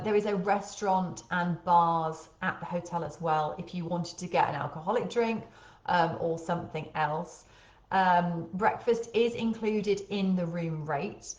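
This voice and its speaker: Brief: lower-pitched woman host, faint Birmingham accent, chatty live webinar, echoey room. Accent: light Birmingham. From Birmingham, England. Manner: chatty, many ums.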